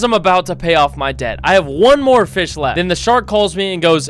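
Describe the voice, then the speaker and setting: A young man commentating and narrating a horror game, excitable and slangy, swearing often. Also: fairly high pitch, a little fast, few pauses, faint music behind. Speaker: gaming YouTuber.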